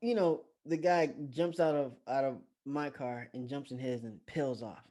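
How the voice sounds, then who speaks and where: A young man casually telling a story to camera, animated, swearing and often laughing. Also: medium pitch, moderate pace.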